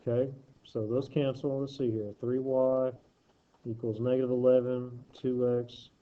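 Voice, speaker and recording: A man's voice: medium pitch, flat delivery, unhurried, highs cut off. A man teaching math, working problems aloud with joking asides and self-corrections. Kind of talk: worksheet walkthrough lesson.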